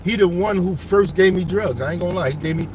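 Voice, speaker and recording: A man telling his life story to viewers as he drives around his old city neighborhood, animated and full of street slang. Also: high-pitched, quick pace, noisy background.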